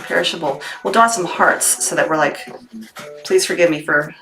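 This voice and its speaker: A woman's voice: low-pitched, normal speed, sharp tone, soft background music, poor audio. A young woman hosting a casual livestream, chatty, laughing and rambling as she works. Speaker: livestream host packing orders.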